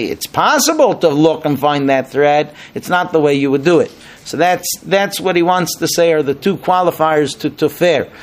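A middle-aged rabbi teaches an informal Torah lesson with animation, acting out the rabbis he quotes as his emphasis rises. His voice is a little high.

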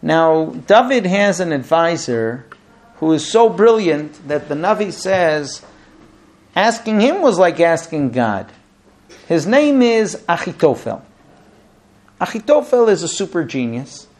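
A man teaching a text-study class, who reads verses aloud, then translates and explains them with animated asides. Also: fairly high pitch, measured pace. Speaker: Torah teacher.

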